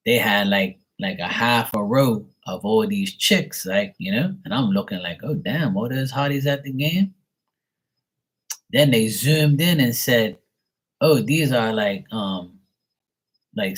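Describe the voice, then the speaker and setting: Profane joking man with a husky voice. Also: fairly low pitch, a bit bright. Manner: profane, joking storyteller who laughs often. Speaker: livestream host. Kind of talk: casual live-stream chat.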